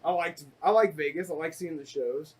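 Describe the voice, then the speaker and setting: A man's voice: fairly high pitch, moderate pace, breathy edge, recorded from a distance, rough recording. A man co-hosting a podcast, recalling trips in an easygoing, rambling way with fillers and swearing. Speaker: podcast co-host. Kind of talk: casual storytelling.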